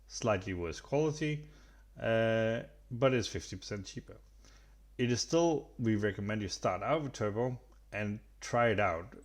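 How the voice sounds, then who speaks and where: A man hosting a screen-recorded software tutorial, talking in a relaxed, halting way with many fillers and restarts. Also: lowish voice. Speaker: tutorial host.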